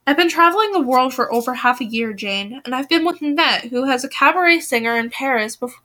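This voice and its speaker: A woman reading the lines of a poised, worldly young woman from a novel, calm and self-assured. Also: high voice, a little fast.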